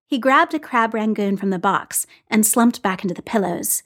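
A woman reading fiction aloud in an even, unhurried way. Her voice sits at a middle pitch and carries the narration steadily. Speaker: story reader.

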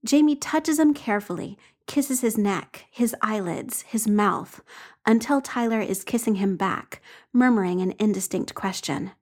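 A woman's voice: medium pitch, unhurried. A woman reading a story aloud with wry, conversational narration. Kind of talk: expressive audiobook narration.

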